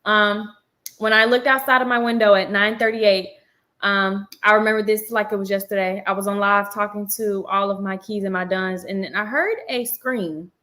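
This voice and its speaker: Animated young woman telling a story, bright voice. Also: mid-range voice, normal speed. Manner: animated storytelling, acting out quotes, frequent fillers. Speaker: vlogger on a live chat. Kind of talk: casual storytime chat.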